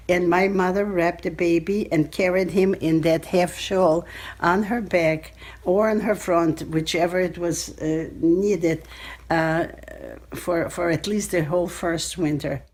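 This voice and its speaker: Elderly woman recounting memories, low voice. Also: steady tone, a little mellow. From Belarus. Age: 80s. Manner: halting, searching for words, frequent restarts. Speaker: Holocaust survivor interviewee. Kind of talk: personal storytelling in an interview. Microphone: cell phone.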